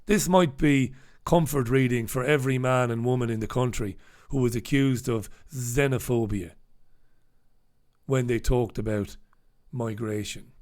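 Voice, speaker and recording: A man's voice: mid-range voice, fairly even intonation, measured pace, darkish tone. Male host, casual sardonic commentary on the day's papers, salty language, reads comments on air. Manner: sardonic, swears freely; reads out viewer comments and headlines. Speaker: host reviewing newspapers.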